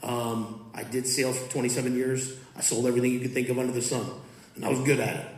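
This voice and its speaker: A man's voice: mid-range voice, fast. Man in his fifties in an echoey room. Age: 50s. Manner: relaxed, conversational, rhythmic when reciting. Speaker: student-teacher and coach. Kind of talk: poetry reading and talk to students. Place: school auditorium or large classroom.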